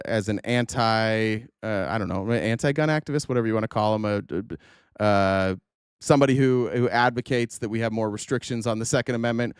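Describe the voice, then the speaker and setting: A man's voice: fairly low pitch, clear, resonant tone, no room sound, clean studio sound. A man hosting a political commentary stream, talking casually with many fillers, restarts and swearing.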